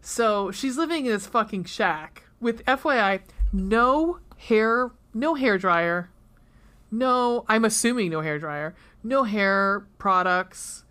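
A woman's voice: medium pitch, a bit bright. Rambling, foul-mouthed woman podcaster. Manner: rambling, profane, laughs often. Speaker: podcast co-host. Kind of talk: casual chat comparing book and movie.

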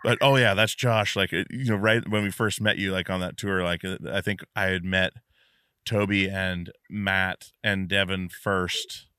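A man's voice: sits low, flat delivery, unhurried, sharp tone, clear, resonant tone, no echo. A man hosting a casual podcast interview, rambling with many fillers and restarts. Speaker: podcast host.

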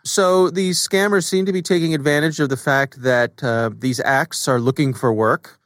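A man's voice: a little high, moderate pace, no room sound, studio quality. A man co-hosting a podcast, chatting casually with frequent fillers about scams. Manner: relaxed, conversational with frequent fillers. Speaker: podcast co-host. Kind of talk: casual chat.

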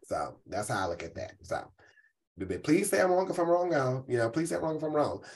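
A man's voice: a little high, sing-song, brisk, a little mellow, slightly rough. Sassy man hosting a live stream. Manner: sassy, campy, um-filled. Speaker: host. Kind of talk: casual live-stream commentary.

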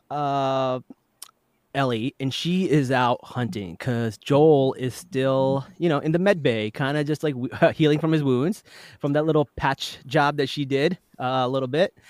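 A man's voice: medium pitch, a little mellow, no echo, studio quality. A man hosting a podcast, casually retelling a TV episode and laughing often as he goes. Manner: chatty, laughs often while retelling scenes. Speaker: podcast host.

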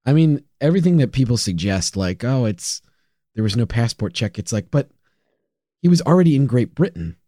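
A man's voice: medium pitch, sing-song, brisk, dark tone, no echo, studio quality. A man co-hosting a podcast in casual chat, rambling through his thoughts. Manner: rambling, many fillers and restarts. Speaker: podcast co-host.

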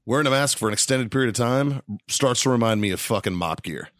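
A man's voice: medium pitch, animated, fast talker, fairly bright tone, no echo. A man hosting a podcast in a studio, telling a long, profane, rambling story with frequent laughs. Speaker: podcast host.

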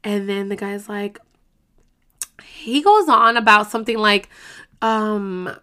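A young woman tells a story straight to her viewers. She talks in loose slang, swears freely and jumps into quoted voices from line to line. Her pitch sits in the middle range for a woman. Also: slow pace, sharp tone. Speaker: vlogger. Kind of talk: casual storytelling to camera.

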